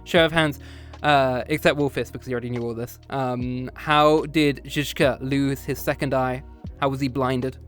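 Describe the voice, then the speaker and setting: A man's voice: medium pitch, fairly even intonation, normal speed, fairly bright tone, faint music behind. A man streaming a casual chat with his viewers after a history lesson, playful and teasing, often slipping into meows and growls.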